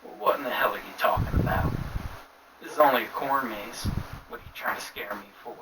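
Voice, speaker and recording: A man's voice: medium pitch, brisk, natural voice. A man voicing a middle-aged bearded father in a trucker hat, folksy and incredulous, with a slight Southern accent. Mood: worried. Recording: distant mic with clear noise.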